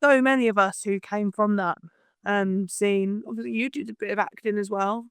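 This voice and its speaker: A woman's voice: mid-range voice, fairly even intonation, normal speed, clear, resonant tone, no room sound, clean studio sound. A young woman chatting as a podcast guest, talking freely with lots of "like" fillers. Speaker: podcast guest, pro wrestler. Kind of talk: casual chat.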